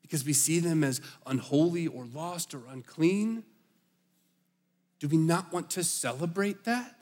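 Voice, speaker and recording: A man's voice: fairly high pitch, measured pace. Conversational male pastor in a reverberant hall. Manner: conversational, animated storytelling with slips and restarts. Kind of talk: sermon.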